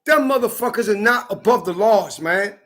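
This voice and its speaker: A man delivering a heated, profane rant to camera, often breaking into shouts. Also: high-pitched, lively intonation, moderate pace. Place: California.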